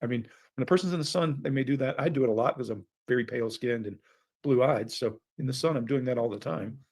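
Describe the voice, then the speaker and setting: Husky-voiced man analyzing a case. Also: mid-range voice, fast talker, darkish tone. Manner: analytical, questioning. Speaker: true crime panelist, former interrogator. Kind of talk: casual panel discussion.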